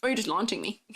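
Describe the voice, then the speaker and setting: With a husky, mid-range voice, a 3D artist chats with her livestream audience while she eats. She reads viewer messages out loud, keeps things casual, and giggles frequently.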